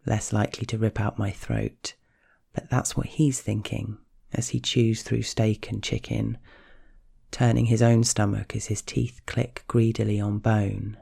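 A man narrating a scripted story in a slow, hushed, measured way. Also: fairly low pitch, gravelly, husky.

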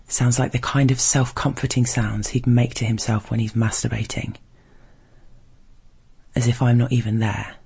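A man reading a first-person erotic story aloud in a low, measured, intimate way. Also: little pitch movement, vocal fry, darkish tone, slightly rough.

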